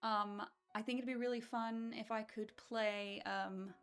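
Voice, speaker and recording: A woman's voice: a little high, steady tone, unhurried, a bit bright, smooth. A woman hosting a charity speedrun stream, chatting in a bubbly, playful way with frequent giggles. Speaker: charity speedrun marathon host. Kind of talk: casual chat.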